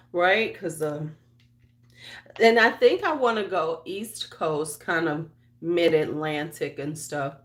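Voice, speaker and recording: A woman with a Chicago accent, a beauty vlogger in casual livestream chat, rambling with lots of fillers and restarts and greeting viewers by name. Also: on the low side. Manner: talks to viewers by name while getting ready.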